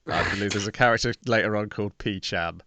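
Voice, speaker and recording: A man's voice: on the low side, brisk, sharp tone, slight background noise. A man co-hosting a casual podcast, recapping an episode steadily and agreeing often. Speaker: podcast co-host. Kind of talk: casual chat.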